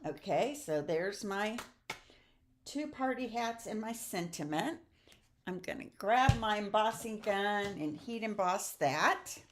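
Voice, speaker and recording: A woman's voice: medium pitch, animated, slow pace, background noise. Chatty woman demoing a stamping craft. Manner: chatty, with frequent "okay?" and "um". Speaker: stamping demonstrator. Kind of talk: live crafting demo.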